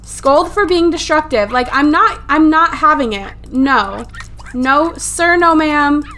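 A woman's voice: high-pitched, slow pace, pushed and bright, a little hiss or hum. A woman giving casual, swear-heavy commentary over her life-simulation gameplay. She sounds exasperated and laughs often, recorded at home on a desktop USB microphone. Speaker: let's play gamer.

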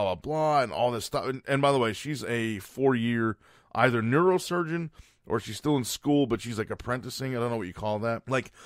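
A man's voice: on the low side, no room sound, clean studio sound. A man hosting a podcast, telling a story as a casual rant in a blunt, profane and exasperated way. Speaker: podcast host.

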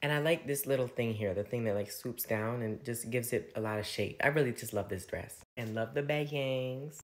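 A man's voice: mid-range voice, moderate pace. A young man giving a casual, gushing fashion recap, chatty and full of "like" fillers. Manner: gushing, chatty, heavy use of "like". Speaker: fashion commentator. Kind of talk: casual red carpet recap commentary.

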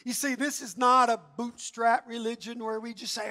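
A man preaching a sermon in an animated, emphatic, conversational way. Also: very high-pitched, moderate pace.

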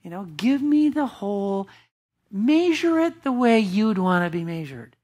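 A woman's voice: medium pitch, sing-song, unhurried, mellow, husky. A woman pastor preaching a sermon in a church, emphatic and asking the congregation rhetorical questions.

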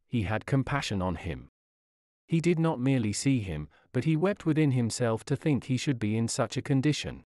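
A man's voice: mid-range voice, a little mellow, no room sound, clean studio sound. A man reading an old-fashioned sermon aloud in an earnest, formal preaching manner. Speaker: sermon reader. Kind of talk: read Victorian sermon.

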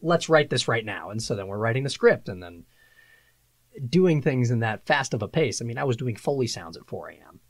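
A man, a voice-over artist and production engineer, telling lively anecdotes in a casual interview. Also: medium pitch, brisk, dry recording. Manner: animated, laughing anecdotes, acts out quotes. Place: acoustically treated office.

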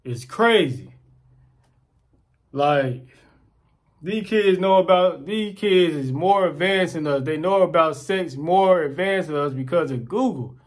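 A man's voice: a little high, takes it slowly. A man ranting casually to the camera, acting out quoted voices and repeating himself as he tells stories. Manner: animated storytelling, acts out quoted voices, repeats words. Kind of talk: casual rant.

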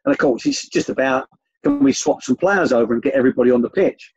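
An older man, a former youth coach, telling rambling anecdotes with many restarts in a relaxed interview. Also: medium pitch, quick pace, vocal fry, husky, no room sound, lo-fi sound.

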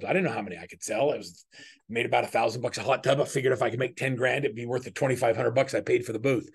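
A man's voice: mid-range voice, racing, creaky, slightly rough. A middle-aged man speaking as a business coach in a webinar, teaching earnestly and conversationally through personal stories, often restarting his sentences.

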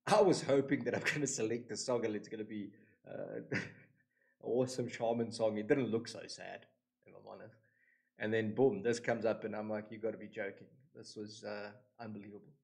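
A man hosting a reaction video, talking in an earnest, emotional and devout way with many pauses, recorded in a new home studio. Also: fairly low pitch, fairly even intonation, gravelly, poor audio. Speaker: reaction channel host. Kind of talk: casual reaction commentary.

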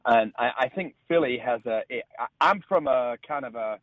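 A man's voice: mid-range voice, moderate pace, no echo. A middle-aged man with a northern English accent from Leeds, telling stories as a radio interview guest. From England. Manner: relaxed storytelling with restarts. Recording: phone line.

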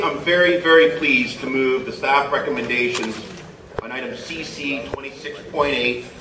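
Man, mayor-type, repeats words for emphasis; bright tone, roomy distant chamber sound. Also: mid-range voice, slight background noise. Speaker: mayor moving a motion at city council. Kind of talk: formal council speech. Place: large council chamber. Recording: echoey chamber audio from afar.

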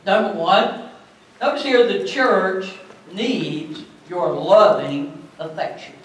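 High-voiced slow-preaching man pastor. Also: animated. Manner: preaching with rising emphatic bursts. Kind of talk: sermon. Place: church sanctuary. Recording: very echoey church from far off.

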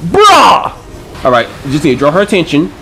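A man giving excitable gameplay commentary, swearing and trash-talking enemies with frequent panicked outbursts. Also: fairly high pitch, racing, slight background noise. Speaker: gaming channel host.

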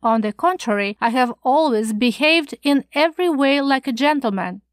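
A woman's voice: sits high, lively intonation, moderate pace, dry recording, studio quality. A woman doing a fretful, prim old schoolmaster. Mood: fretful lecturing. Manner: fretful, scandalized, lecturing. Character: fussy, anxious, prim older male schoolmaster.

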